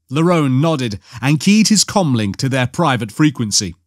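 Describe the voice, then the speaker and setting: A man's voice: mid-range voice, very animated, moderate pace, no room sound. Man narrating an audiobook, dry close sound.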